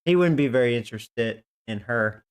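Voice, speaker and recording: A man's voice: medium pitch, animated, moderate pace, smooth. A man casually commentating a video game, rambling and joking with frequent laughs. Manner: rambling, jokey, laughs often. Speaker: gaming streamer.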